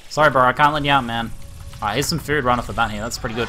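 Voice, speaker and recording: An Australian man commentating a game live, swinging between laid-back strategy talk and excited, laughing outbursts. His voice sits in a middle pitch, with a casual streaming delivery. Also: rapid-fire, faint music behind. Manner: excitable, laughs often, swears.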